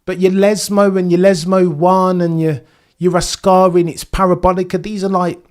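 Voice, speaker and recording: Excitable man reacting live. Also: normal speed. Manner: excitable, swings from shouting to low muttering disbelief. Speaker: livestream watchalong commentator. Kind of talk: live reaction commentary to chat.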